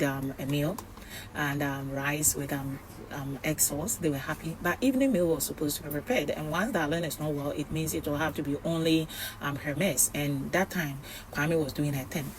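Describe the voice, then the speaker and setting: A woman's voice: low voice, normal speed, slight background noise. A woman recapping a reality show in casual, chatty storytelling, with frequent fillers.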